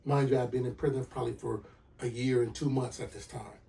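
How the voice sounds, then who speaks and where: A man hosting a podcast, telling a personal story with lively acted-out dialogue and sound effects. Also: medium pitch, brisk, creaky, distant mic. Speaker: podcast host.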